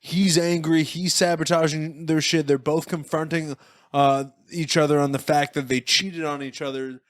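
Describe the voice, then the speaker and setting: A man's voice: a little high, little pitch movement, normal speed, dry recording, studio quality. A young man hosting a comedy chat, rambling through stories and laughing often.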